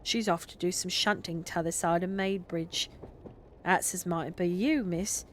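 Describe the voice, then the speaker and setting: A woman voicing a talkative rustic male railway porter in broad country dialect, louder than her narration. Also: lowish voice, steady tone, unhurried, slight background noise, natural voice. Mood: hearty.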